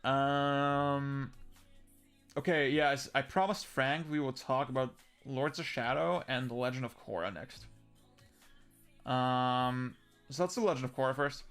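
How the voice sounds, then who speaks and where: A young livestream host chats casually, answering viewer comments in a rambling way with many fillers, restarts and offhand swearing. His medium-pitched voice is a little slow, slightly bright, clear and resonant, with faint music in the background.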